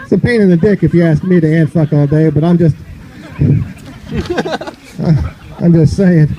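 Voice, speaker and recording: A man's voice: fairly high pitch, animated, measured pace, mellow, slight background noise, rough recording. A man from the northern United States doing a loose, rambling stand-up comedy set on an outdoor park stage, filling his talk with "you know".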